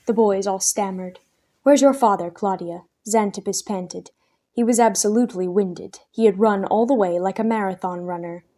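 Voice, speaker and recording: Woman storyteller, mellow tone, middle pitch, reads an expressive children's book aloud. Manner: expressive, raises her voice for characters' lines.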